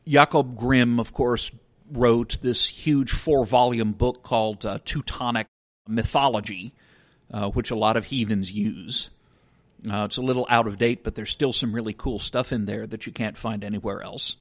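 A man's voice: mid-range voice, fairly even intonation, normal speed. A man co-hosting a podcast, explaining ideas in a casual educational chat and walking through examples step by step. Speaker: podcast co-host.

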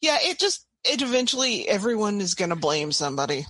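A woman's voice: mid-range voice, big pitch swings, a little fast, fairly bright tone, dry recording. A woman co-hosting a history podcast, chiming in with chatty asides while on pain pills. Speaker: podcast co-host. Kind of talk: casual history chat.

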